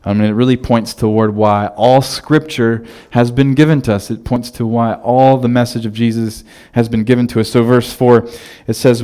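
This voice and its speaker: A man in his thirties, preaching as a pastor, relays stories with a relaxed, talky feel and lots of restarts. He has a medium-pitched voice, speaks at a normal speed, and sounds clean.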